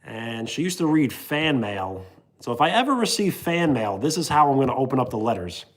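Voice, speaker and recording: A man's voice: medium pitch, very animated, fairly quick. A man hosting a livestream, chatting casually and playfully with viewers and joking with his chat. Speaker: livestream host.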